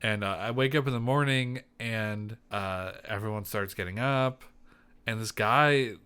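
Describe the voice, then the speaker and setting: A man's voice: fairly low pitch, a little slow, pushed and bright, smooth. A young man co-hosting a podcast in casual chat, rambling with lots of fillers and restarts. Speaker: podcast co-host.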